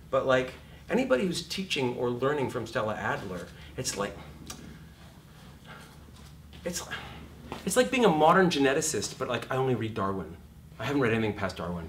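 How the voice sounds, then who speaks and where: Animated man lecturing from across a room. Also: mid-range voice, far from the mic, slight background noise. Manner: swears freely, acts out scenes in lively put-on voices. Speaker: acting teacher.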